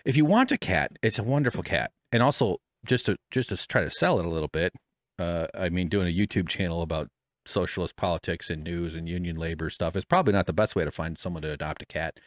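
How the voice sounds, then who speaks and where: The podcast host has a deep voice and a quick pace, and the recording is dry. He's in a home studio using a studio microphone and headphones, rambling in casual chat, self-deprecating and swearing freely.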